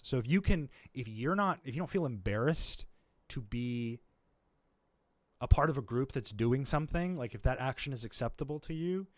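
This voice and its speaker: A man's voice: medium pitch, no echo. Rambling streamer man, dry close sound. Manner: rambling, filler-heavy, thinking aloud. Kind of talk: casual chat.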